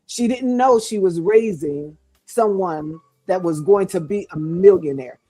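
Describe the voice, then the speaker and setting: An older woman, a guest co-author, encourages mothers with a fervent, sermon-like cadence in preaching-style speech. Her voice is fairly low, unhurried and mellow, with no echo.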